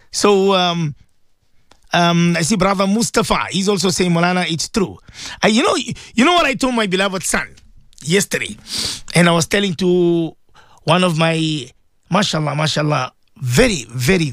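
A man's voice: a little high, a bit bright, no room sound, studio quality. A man hosting a devotional radio talk, preaching fervently and repeating himself as he pleads with listeners. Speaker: religious radio host.

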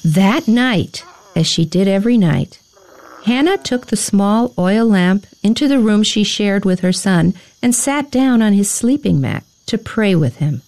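A woman gently narrating a storybook tale. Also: medium pitch, unhurried. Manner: gentle, animated reading.

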